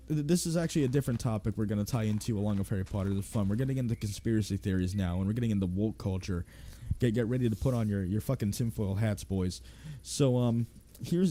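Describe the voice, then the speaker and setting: A man's voice: fairly low pitch, mellow. A young man ranting casually and profanely while he plays a game, rambling and sarcastic as he goes. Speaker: gaming streamer.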